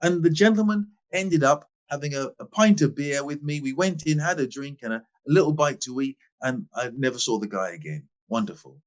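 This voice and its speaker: Animated older man telling stories. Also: fairly high pitch, brisk, few pauses. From England. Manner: emphatic, swings between loud stress and quiet asides. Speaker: guest, former footballer. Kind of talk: animated storytelling in a podcast interview.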